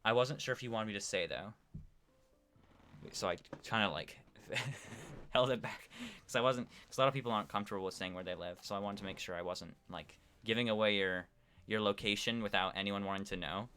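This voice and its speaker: Here a man with a lowish, pushed, bright voice talks briskly and cleanly while streaming a building game. He rambles to viewers in chat, leaning heavily on fillers.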